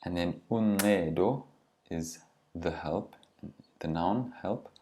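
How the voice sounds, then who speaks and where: Slow, low-voiced male language teacher. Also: darkish tone. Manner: deliberate, pronounces each word then glosses it. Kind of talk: language lesson.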